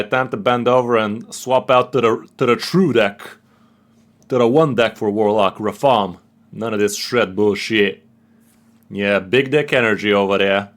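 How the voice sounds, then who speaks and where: A man streaming a card game, with casual, excitable and profane commentary. His voice sits on the lower side, and he trash-talks his opponents.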